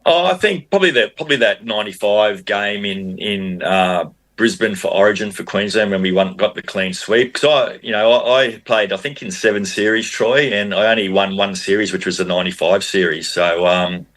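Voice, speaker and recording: A middle-aged Australian man, a former rugby league player, telling animated stories as a podcast guest with frequent restarts. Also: on the low side, moderate pace, few pauses. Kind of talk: casual storytelling.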